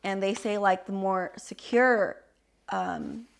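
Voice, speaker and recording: A young adult woman co-hosting a podcast, explaining a subject in casual chat with an animated, filler-heavy way of talking. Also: mid-range voice, slow pace, smooth. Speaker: podcast co-host.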